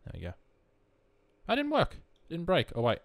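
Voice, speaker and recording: Young man, casual gameplay commentary, wry asides, lively up-and-down voice. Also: fairly high pitch, moderate pace, highs cut off. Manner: chatty, wry, self-mocking asides. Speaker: let's play host.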